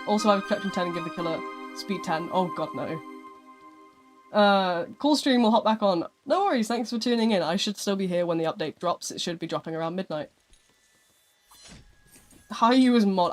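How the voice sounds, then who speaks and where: A live streamer chatting casually with viewers, rambling a little and filling gaps with "like" and "um". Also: mid-range voice. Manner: chatty and rambling, with frequent "like" and "um" fillers.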